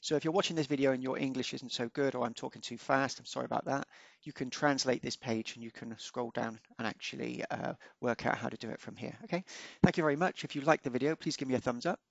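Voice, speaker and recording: A man casually narrating a screen-recorded software walkthrough, unscripted, with small self-corrections along the way. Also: mid-range voice, quick pace, gravelly, no room sound. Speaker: software tutorial presenter. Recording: dull lo-fi dry voice-over.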